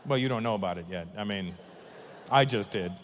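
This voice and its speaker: A man chatting with someone in the audience in a wry, low-key way. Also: fairly quick. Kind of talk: crowd work. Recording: hall reverb with faint noise.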